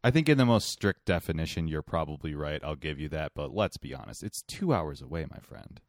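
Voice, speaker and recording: A man's voice: very deep voice, expressive, a little fast, no room sound, studio quality. A man co-hosting a podcast in casual, teasing chat, with a sore throat. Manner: argumentative, teasing, does vocal warm-ups. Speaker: podcast co-host.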